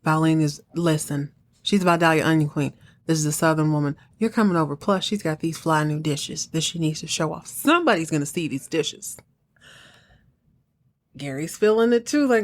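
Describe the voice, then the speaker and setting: Animated woman recapping with low voice. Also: moderate pace. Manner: animated, laughing, chatty storytelling. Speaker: podcast host. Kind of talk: comic episode recap.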